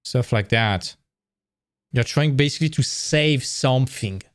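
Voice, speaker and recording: A man's voice: medium pitch, a little slow, dry recording, clean studio sound. A man giving a casual livestream presentation of career advice, blunt and candid, swearing freely and acting out quoted lines in a raised voice.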